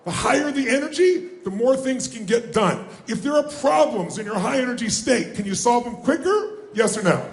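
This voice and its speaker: A man giving a live motivational seminar, energetic and firing questions at the audience so they call out answers. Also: extremely high pitch, normal speed, hardly any pauses, reverberant. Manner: energetic, calls out questions and prompts the crowd to answer. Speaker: motivational speaker. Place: large room with a live audience.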